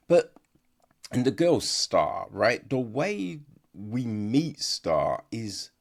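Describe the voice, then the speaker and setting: A man giving a casual, rambling podcast film review, exasperated, full of fillers and rhetorical questions. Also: medium pitch.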